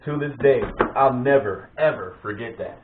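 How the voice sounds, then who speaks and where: Male vlog host, relaxed animated storyteller, laughs and restarts a lot, tinny phone-like audio. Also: mid-range voice, normal speed, noisy background. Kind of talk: casual storytelling of family memories. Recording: tinny phone-like sound in an echoey room.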